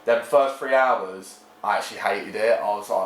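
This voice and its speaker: A man's voice: fairly low pitch, normal speed, a little hiss or hum. A young man on a podcast, telling stories and acting out the voices of others. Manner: animated, acts out voices in anecdotes. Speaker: podcast guest. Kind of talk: casual storytelling chat. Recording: echoey room.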